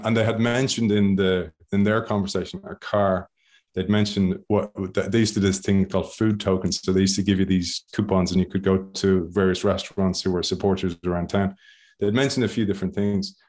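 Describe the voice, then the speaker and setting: Relaxed and chatty, this podcast guest from Ireland, once a rugby player, spins stories in a low voice with an easygoing, animated delivery. He frequently laughs and imitates the voices of others.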